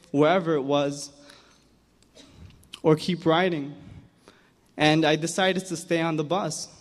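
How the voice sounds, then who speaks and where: A young man telling a personal story on stage at an awards event, earnest and emotional, often repeating words as he goes. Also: on the high side. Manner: earnest, emotional, halting repetitions. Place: large hall. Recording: hall reverb from a big room.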